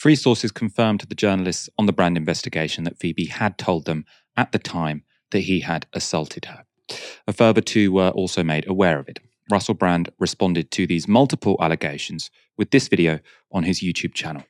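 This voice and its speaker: A male documentary narrator with a very low, deep voice, reading his script in a measured, grave way. The studio voice-over is bone-dry, with no room sound around it. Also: dry recording.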